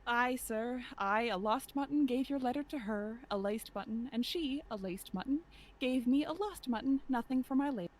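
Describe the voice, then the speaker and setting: A woman's voice: fairly high pitch, lightly acted. A woman reading a witty, punning young male servant in a live amateur read-through of a play. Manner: quick cheeky punning banter.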